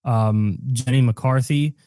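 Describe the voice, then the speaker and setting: A man's voice: medium pitch, dark tone, no room sound. Joking man on a dry podcast mic. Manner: joking, deliberately mispronounces names, many fillers. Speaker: podcast host. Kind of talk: casual chat.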